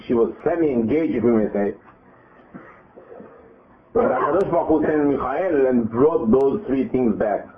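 A man giving a Torah lesson, retelling scripture with many repeats and acted quotes. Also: mid-range voice. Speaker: religious teacher. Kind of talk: Torah lesson to a live group. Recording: narrow phone-like audio.

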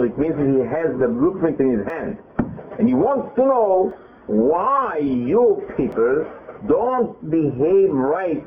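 Animated man teaching over a tinny line. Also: fairly high pitch. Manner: lively, retells scripture in quoted dialogue, frequent restarts. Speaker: Torah teacher. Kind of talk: animated Torah class. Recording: tinny phone-like audio.

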